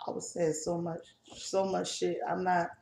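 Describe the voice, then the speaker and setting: A woman co-hosting a casual chat video, telling a personal family story in a halting, emotional way with many restarts. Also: fairly low pitch, level tone, gravelly, darkish tone, roomy sound, slight background noise. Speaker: co-host.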